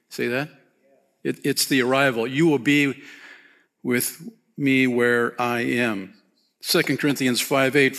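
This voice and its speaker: A pastor preaching a sermon, casual and animated, peppering his talk with "man" and "you know". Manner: animated, rises high when excited, softens and drops low near the close.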